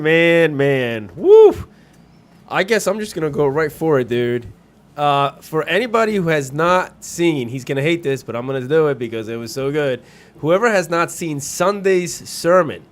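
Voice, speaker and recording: A man co-hosting a casual podcast, talking with eager enthusiasm and heaping on praise. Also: a little high. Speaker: podcast co-host.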